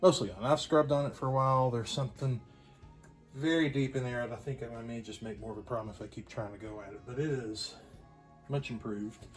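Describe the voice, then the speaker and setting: A man giving a casual workshop demonstration as a pinball restorer, thinking aloud in a loose, unhurried way. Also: medium pitch, faint music behind. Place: home workshop at a workbench.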